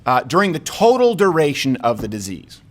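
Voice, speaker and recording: A man's voice: mid-range voice, big pitch swings, normal speed. A man hosting a political talk show, emphatic and argumentative, with sarcastic asides. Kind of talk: opinionated political commentary chat.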